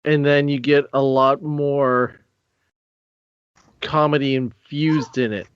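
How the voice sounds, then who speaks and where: Male podcast co-host, mid-pitched, halting casual chat, dry lo-fi audio. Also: fairly even intonation, clear, resonant tone, no room sound. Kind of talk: casual movie commentary chat.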